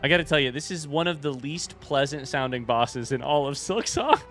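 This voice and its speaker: A man giving live commentary on a video game, reacting loudly and talking to chat. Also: mid-range voice, a little fast, faint music behind. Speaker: streamer playing a video game.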